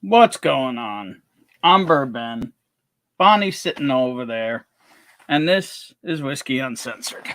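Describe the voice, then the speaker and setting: A man hosting a casual whiskey livestream, greeting viewers with jokey, upbeat shout-outs. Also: fairly high pitch, no echo. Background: faint background music.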